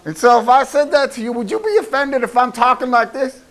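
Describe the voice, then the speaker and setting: A man filming casual street interviews on a campus, asking loud, teasing, goading questions. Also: very high voice, steady tone, a little fast, faint music behind.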